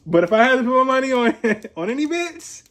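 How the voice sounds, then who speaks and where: A young man from Ohio giving a casual, profane commentary on a reality show. He is chatty, laughs often and makes animated asides. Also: extremely high pitch, fairly quick. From Columbus, Ohio, USA. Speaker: reality TV reviewer.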